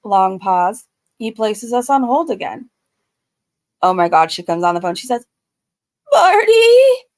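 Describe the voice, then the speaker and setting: A woman's voice: mid-range voice, moderate pace, pauses often, darkish tone, no room sound. A woman giving a blunt, casual commentary recap who swears freely. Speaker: YouTube commentator.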